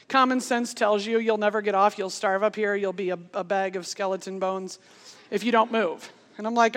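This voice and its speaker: Animated woman preaching in a reverberant hall. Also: mid-range voice. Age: 40s. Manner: animated, laughing through a funny story. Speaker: speaker. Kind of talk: sermon storytelling.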